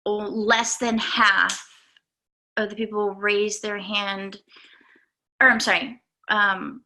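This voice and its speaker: A young woman coach speaks to her students in a slow, unhurried way, often pausing on fillers. Her voice is bright and carries a gravelly fry. She sounds earnest and sincere. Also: medium pitch, little pitch movement. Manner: halting, many fillers, earnest and emotional. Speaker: golf coach. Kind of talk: speech to students.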